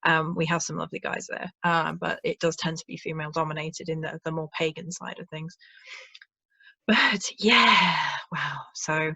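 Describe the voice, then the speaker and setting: Woman, chatty host, laughs a lot, low voice, dry close sound. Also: fairly even intonation, moderate pace, creaky, sharp tone, breathy edge, dry recording, lo-fi sound. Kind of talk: casual video chat.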